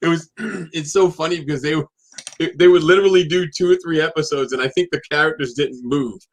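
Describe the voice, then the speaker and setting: A man hosting a casual live show, with a voice that sits a little high. He is easygoing and chatty and breaks into laughter often. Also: brisk. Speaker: host. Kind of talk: casual chat.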